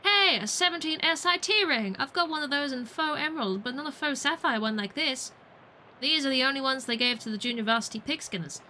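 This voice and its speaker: A woman's voice: high voice, animated, fairly quick, bright, forceful tone, slight background noise. Woman reading as a folksy ring collector. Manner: folksy, talkative, barely changes her own voice. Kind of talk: reading game dialogue aloud.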